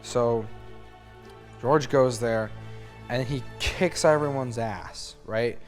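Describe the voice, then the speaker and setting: A man's voice: mid-range voice, slow. A young man telling a history story as a comedy bit, in a rambling, slangy, giggly way. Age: young adult. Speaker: student narrator. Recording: long reverb with music underneath.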